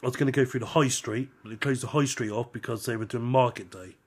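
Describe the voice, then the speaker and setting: A man with a husky, slightly rough voice, co-hosting a casual podcast chat. He tells his stories in an animated way, swears freely and laughs in the middle of his lines. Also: medium pitch, quick pace. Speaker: podcast co-host.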